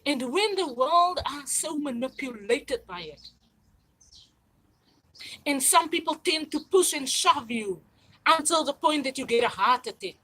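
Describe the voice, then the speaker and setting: A woman's voice: sits high, lively intonation, a little slow, a bit bright, low-quality recording. Rambling woman in her forties. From South Africa. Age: 40s. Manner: rambling, repetitive and insistent. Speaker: channel host. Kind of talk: livestream monologue.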